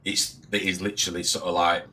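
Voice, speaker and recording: A man's voice: deep voice, little pitch movement, a little fast, bright, forceful tone, rough recording. A British man hosting a casual online panel chat, talking loosely and choosing his words with care. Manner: chatty, careful with his words. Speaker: livestream host.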